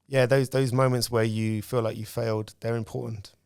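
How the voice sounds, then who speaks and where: A man's voice: mid-range voice, little pitch movement, normal speed, darkish tone, clean tone, no room sound, clean studio sound. A man, speaking as a podcast guest and telling candid stories about his own life in casual conversation. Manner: candid storytelling, reflective.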